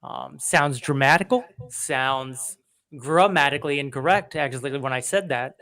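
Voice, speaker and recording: A man's voice: medium pitch, moderate pace, pushed and bright. A man co-hosting a comedy podcast, rambling through self-deprecating stories and acting out bits of dialogue. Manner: self-deprecating, rambling, acts out voices in anecdotes. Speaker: podcast co-host.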